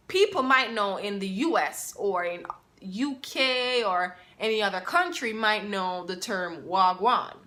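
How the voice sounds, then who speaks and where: Unhurried bright-voiced Jamaican woman vlogger. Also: medium pitch. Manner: halting, searches for words with many "like"s and restarts. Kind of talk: casual explainer to camera.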